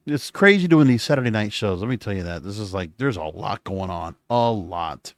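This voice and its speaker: A man's voice: fairly low pitch, expressive, normal speed, dry recording, studio quality. A man hosting a solo podcast, recapping in a casual, rambling way with frequent self-corrections, recording late at night. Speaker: podcast host.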